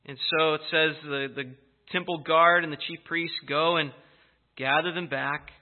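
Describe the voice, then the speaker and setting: A man with a fairly high voice preaches a sermon, telling the story in a lively, emphatic way. The sound is thin and tinny, like it was caught over a phone line. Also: measured pace. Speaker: pastor.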